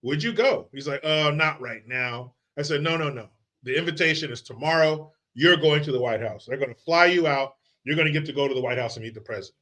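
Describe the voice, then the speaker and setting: Bright-voiced man ranting profanely. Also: on the high side, fairly quick. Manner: profane, mocking, animated ranting. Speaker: livestream host. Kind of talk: casual ranting commentary.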